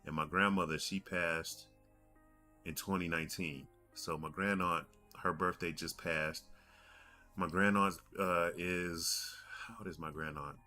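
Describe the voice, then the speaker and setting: A man's voice: sits low, fairly even intonation, measured pace, pushed and bright, faint music behind. A man in his forties telling a rambling story on his gaming podcast, doubling back and repeating himself as he goes. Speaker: podcast host. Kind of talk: casual podcast monologue.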